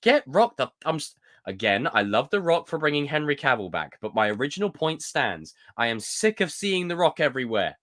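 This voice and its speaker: Animated young British man streaming. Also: mid-range voice, fairly quick. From United Kingdom. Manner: animated, jokey, reads viewer comments aloud. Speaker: livestream host. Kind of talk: casual live-stream chat.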